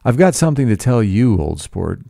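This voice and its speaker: A man's voice: on the low side, sing-song, a little fast, creaky, warm tone, no room sound, studio quality, pitched above the performer's own voice. A man reading as an earnest, polite suitor. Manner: polite, intense.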